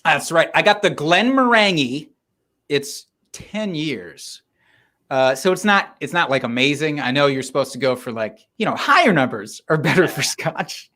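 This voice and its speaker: A man's voice: a little high, normal speed. A man co-hosting a podcast in casual chat over drinks, joking and swearing. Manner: animated, joking and profane. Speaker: podcast co-host.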